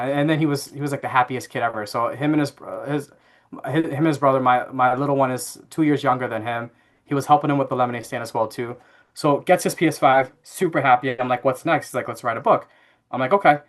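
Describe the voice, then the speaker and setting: A man in his thirties telling a family story as a podcast guest, relaxed and chatty with fillers. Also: medium pitch, a little fast. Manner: animated anecdote-telling with frequent fillers and laughs. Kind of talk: casual interview storytelling.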